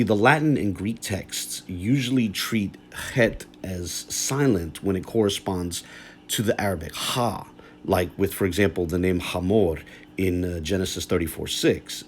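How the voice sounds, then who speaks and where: A man explaining old texts in a lecture-style video, measured and careful, often checking in with "right?" and "you know". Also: low-pitched, darkish tone, a little hiss or hum.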